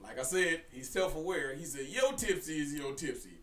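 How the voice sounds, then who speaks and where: A young man tells a story on a casual podcast, cursing freely and getting more animated as he goes. His voice is bright and forceful, with a slightly raised pitch. He sits back from the mic in a roomy, echoing space. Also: moderate pace, distant mic. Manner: animated, profane, breaks into laughter. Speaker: podcast co-host. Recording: roomy echo, somewhat off-mic.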